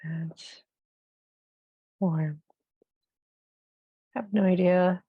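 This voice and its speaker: A woman muses her way through a casual review, drowsy and hesitant, filling pauses with ums. Her voice is gravelly and a little husky, and she speaks very slowly. The sound is dry and slightly dull, as if recorded lo-fi on a close mic. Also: fairly low pitch, fairly even intonation, no echo. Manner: drowsy, unhurried, hesitant with many fillers. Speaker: tech reviewer. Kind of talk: casual thinking-aloud review.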